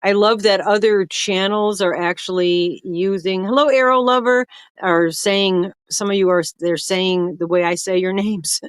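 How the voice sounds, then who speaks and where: An older woman with a drawl hosts a casual livestream, chatting and rambling as she greets viewers by name. Her voice sits at a middling pitch and is recorded close and dry, with almost no room sound. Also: fairly even intonation, a little slow, smooth, dry recording. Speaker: livestream host.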